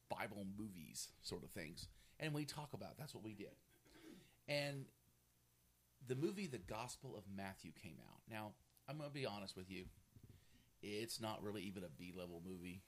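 Male preacher, animated storyteller, lots of pitch movement. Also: moderate pace, slight background noise. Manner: animated storytelling, laughing, acting out quotes. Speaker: pastor. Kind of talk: sermon.

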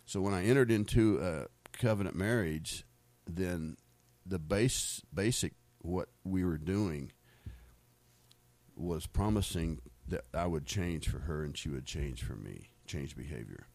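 Sitting low and slightly slow, with a darkish tone and no echo, this middle-aged man from the United States shares stories of his faith. It's a casual storytelling testimony in which he rambles, often repeats words, and laughs.

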